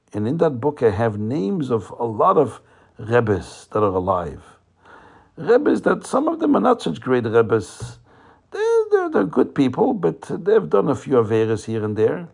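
A man voicing a sly, falsely pious male sect leader in a told story, welcoming in a high, sugary tone and boasting with smug confidence. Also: very animated, unhurried, gravelly, a little mellow, slightly rough, exaggerated voice.

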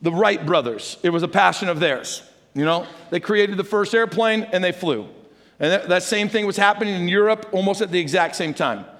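A man preaching a conversational sermon as pastor, animated and chatty, asking the congregation questions. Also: sits high, a little fast. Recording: long hall reverb.

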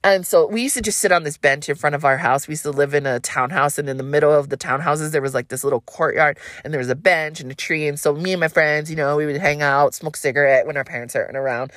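A woman's voice: sits low, steady tone, quick pace, few pauses, fairly bright tone, no room sound, studio quality. A young adult woman hosting a solo podcast, telling a story in a rambling, loose, profane way. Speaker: podcast host.

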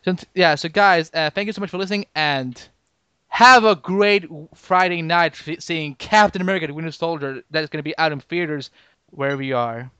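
A man hosts a podcast in easy conversation, his voice smooth and resonant and pitched a little high for a man. He often restarts his sentences and fills gaps with um and uh. The mic is close and dry. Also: pushed and bright, dry recording, lo-fi sound. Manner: halting, many restarts and fillers. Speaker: podcast host. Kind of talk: casual podcast chat.

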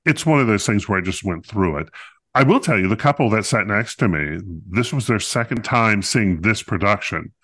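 Bright-voiced talkative man, low pitch. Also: lively intonation, moderate pace. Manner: talkative, playful, many fillers and restarts. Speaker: podcast co-host reviewing a musical. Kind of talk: casual chat.

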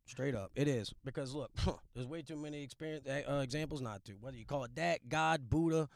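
A man's voice: mid-range voice, a little fast, gravelly, no room sound. Guy from Louisiana, profane and blunt, dry close mic, casual podcast storyteller. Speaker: podcast guest.

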